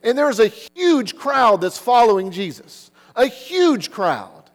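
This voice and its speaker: A man's voice: very high-pitched, sing-song, slow, in a large hall. A man preaching a sermon, earnest, who keeps asking the listeners rhetorical questions. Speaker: pastor.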